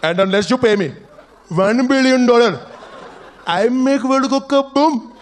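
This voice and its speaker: A man's voice: very high-pitched, unhurried, slight background noise. A man voicing a bumbling male Indian terrorist mastermind who speaks politely, haggles, and uses broken English with a put-on Indian accent. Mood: proud.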